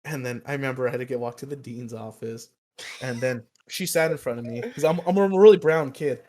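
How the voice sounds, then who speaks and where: A man's voice: medium pitch, brisk, a little mellow. A young man co-hosting a podcast, telling a rambling, profane story and laughing at himself. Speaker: podcast co-host. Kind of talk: casual storytelling chat.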